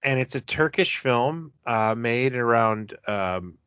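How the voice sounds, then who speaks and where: A man's voice: medium pitch, animated, slow pace, fairly bright tone, clean tone, dry recording. A man hosting a casual chat about cult films, telling enthusiastic, rambling stories. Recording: dull, dry lo-fi recording.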